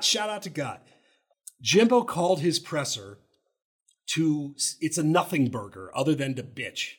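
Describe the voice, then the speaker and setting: A man's voice: on the high side, breathy edge. A man co-hosting a sports podcast, talking loosely and animatedly about college football. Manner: animated, loose, fast talking with many restarts. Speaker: podcast co-host. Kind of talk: casual sports talk.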